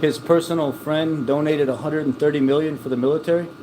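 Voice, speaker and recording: A man's voice: fairly high pitch, steady tone, fairly quick, mellow, slight background noise. A man chatting casually and rambling from one joke to the next, laughing at his own stories. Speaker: vlogger. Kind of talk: casual chat.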